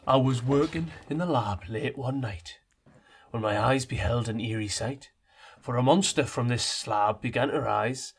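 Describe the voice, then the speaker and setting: A spooky Geordie reciter with a gravelly, husky edge , put on by a man. He drags every line out with mock eeriness, rough and breathy in the throat. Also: mid-range voice.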